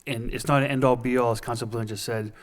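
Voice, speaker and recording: A man's voice: mid-range voice, steady tone, fast. A male councilor laying out costs and plans in a plain, businesslike manner, with frequent ums. His voice carries a long reverb from the council hall. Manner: businesslike, filler-heavy, plain talk. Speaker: public safety subcommittee chairman. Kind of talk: council presentation. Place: council chamber.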